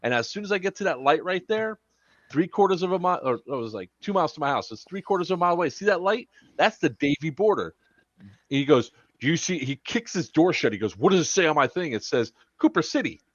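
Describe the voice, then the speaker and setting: A man's voice: on the high side, lively intonation, fast, no echo, highs cut off. A man hosting a podcast, telling a story in casual chat, profane and laughing as he goes. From Florida. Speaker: podcast host.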